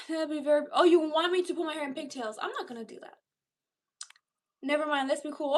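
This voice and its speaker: High-voiced, chatty young woman. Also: brisk, long pauses. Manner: chatty and rambling, with many "like" fillers and frequent laughs. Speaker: livestream host. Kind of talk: casual livestream chat with viewers.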